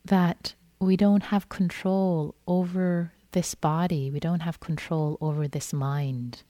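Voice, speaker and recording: A woman meditation teacher giving a gentle, repetitive dharma talk in which she acts out inner thoughts. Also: fairly low pitch, steady tone, takes it slowly, no echo. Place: meditation hall.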